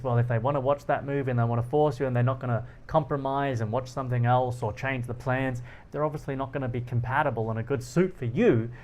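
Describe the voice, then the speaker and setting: A man of average pitch hosts a philosophy talk, walking through ideas with everyday examples from his own life. He is animated and laughs easily, often slipping into acted-out snippets of dialogue. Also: fairly quick, few pauses, slight background noise. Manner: animated, laughs often, acts out quoted lines. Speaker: philosophy channel host. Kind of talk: explanatory monologue with personal anecdotes.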